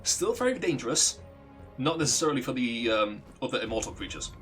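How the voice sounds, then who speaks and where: A man's voice: medium pitch, sing-song, fairly quick, fairly bright tone, soft background music. A man, a let's play streamer, casually telling a rambling, profane story while gaming and laughing at his own jokes.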